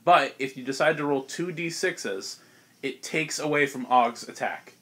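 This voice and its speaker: A young man runs a tabletop game for his friends in a loose, chatty way. His voice sits at an ordinary middle pitch, and he laughs easily between rules and narration. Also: pushed and bright. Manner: casual, laughs often, quick voice snippets for monsters. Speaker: game master.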